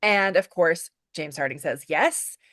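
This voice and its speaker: A woman co-hosting a casual book podcast who retells the plot in a lively way, full of "like". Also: on the low side, a little slow, no echo, clean studio sound. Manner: lively retelling of the story, with frequent "like" and laughs. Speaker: podcast co-host.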